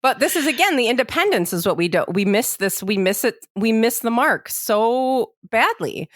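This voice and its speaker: A woman's voice: a little high, moderate pace, dry recording, clean studio sound. A woman co-hosting a podcast, telling a long personal story in a casual chat, full of "like" and "you know". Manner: animated storyteller, many fillers like "like" and "you know". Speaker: podcast co-host.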